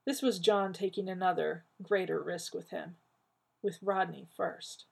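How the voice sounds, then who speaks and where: A woman narrating a work of fiction at a steady, even pace in a husky, gravelly voice. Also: lowish voice, unhurried. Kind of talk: audiobook reading of fiction.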